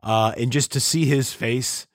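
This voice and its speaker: A man talks sports on a podcast, his voice sitting in a middle range and recorded close and dry. He gets animated and ranting as he tells stories. At times he mimics the people in them. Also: mid-range voice, unhurried, no room sound. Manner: animated, ranting, mimics others mid-story. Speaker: podcast host. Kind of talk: casual sports podcast chat.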